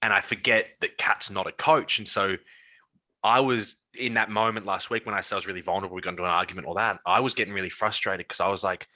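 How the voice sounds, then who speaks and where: A young man, a coach co-hosting a podcast, telling personal stories in an earnest, animated way with many restarts. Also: low-pitched, fast talker, rough recording. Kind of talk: casual chat.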